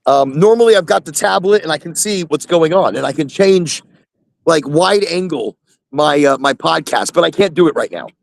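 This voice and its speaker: A man's voice: on the high side, animated, normal speed, gravelly, no room sound. A man hosting a casual live chat from his phone in his truck, rambling and repeating himself. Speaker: host.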